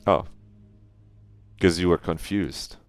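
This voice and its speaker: A man with a very low voice talks to his chat while he plays a game. He is jokey and loose, laughing often and tossing out crude asides. Game music plays clearly behind him. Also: takes it slowly. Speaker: streamer playing a visual novel. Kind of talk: casual live-stream chat.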